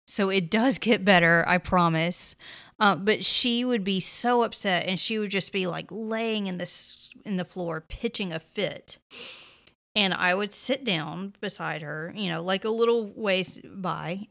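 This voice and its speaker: Hosting a parenting podcast, this woman in her thirties gives relaxed, comforting advice, leaning heavily on "you know" and "like." She sounds conversational, with a medium pitch and a fairly bright tone.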